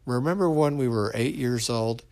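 A man voicing a dying elderly wife, speaking softly and gently. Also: mid-range voice, normal speed, creaky, close to an everyday voice. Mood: tender. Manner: soft, gentle delivery.

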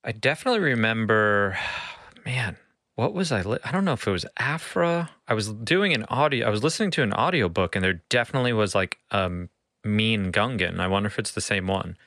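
A man's voice: lowish voice, lively intonation, fairly quick, pushed and bright, no room sound. A man co-hosting a casual podcast chat, jokey and self-mocking, often laughing. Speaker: podcast co-host.

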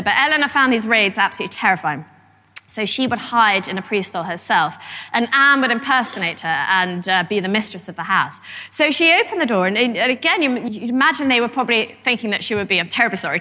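A middle-aged woman giving a lively, conversational history talk with frequent restarts. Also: fairly high pitch. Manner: animated, conversational, many fillers and restarts. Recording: long hall reverb.

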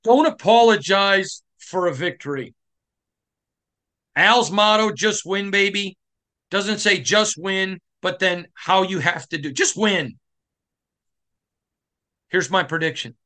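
A middle-aged man from Michigan delivers a sports podcast monologue with fervent conviction. His voice sits high for a man and rings bright and forceful. He hammers short phrases and pushes them up toward a shout. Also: measured pace. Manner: passionate, emphatic, rising to shouting. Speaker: podcast host.

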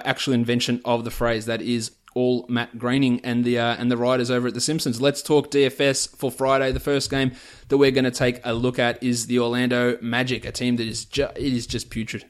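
Chatty man rattling off sports stats. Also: medium pitch. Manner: rattles off player stats and prices in a chatty, opinionated way. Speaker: fantasy basketball podcast host. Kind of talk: casual podcast analysis.

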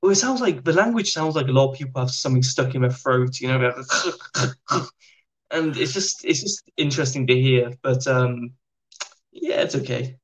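A British man, a podcast guest, telling stories in a chatty, animated way. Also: medium pitch, moderate pace, low-quality recording. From Britain. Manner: chatty, animated anecdotes with slang. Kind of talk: casual storytelling.

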